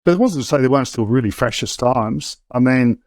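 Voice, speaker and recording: A man's voice: medium pitch, animated, fairly quick, a little mellow. Australian man telling his story. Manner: conversational, with frequent restarts and fillers. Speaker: guest. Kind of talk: candid personal storytelling.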